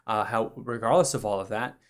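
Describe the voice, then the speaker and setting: A man's voice: lowish voice, brisk. A man running a tabletop game as game master, summarizing events in a loose, rambling way with fillers.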